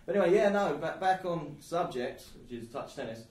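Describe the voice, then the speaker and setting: A man guest chatting casually and laughing easily in relaxed banter. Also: on the high side, brisk, recorded from a distance. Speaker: sponsored player, guest. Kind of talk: casual live-stream chat. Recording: echoey room, away from the mic.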